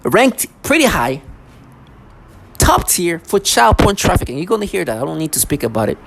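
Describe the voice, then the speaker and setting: A woman's voice: lowish voice, sing-song, moderate pace, creaky. Woman vlogger, heated rant to camera, sarcastic asides, lots of stumbles and restarts. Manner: agitated, repetitive, stumbling restarts. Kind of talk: ranting monologue to camera.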